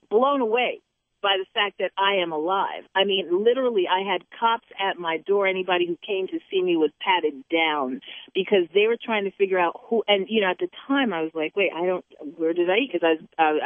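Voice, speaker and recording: A woman's voice: medium pitch, brisk, no room sound. A middle-aged woman hosting a talk show, talking in an emphatic preaching way and repeating words for emphasis. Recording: tinny phone line.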